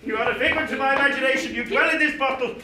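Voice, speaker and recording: A man's voice: very high-pitched, racing, far from the mic, a crowd in the background. A man playing a timid, fussy old miser who stammers and speaks formally, in a live stage play. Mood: alarmed. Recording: echoey stage with clear noise.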